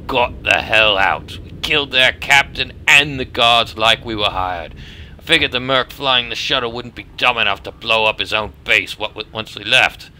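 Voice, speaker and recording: A man's voice: mid-range voice, moderate pace, sharp tone, a little hiss or hum. A man voicing a blunt mercenary in a put-on Australian accent, telling a war story from a game. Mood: boastful. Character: gruff male mercenary telling war stories.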